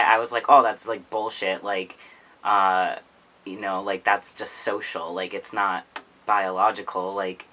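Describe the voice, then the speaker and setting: A man's voice: lowish voice, bright, forceful tone. A young man vlogging about his own experiences in a rambling, casual way, full of "like" and "um". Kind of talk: casual chat.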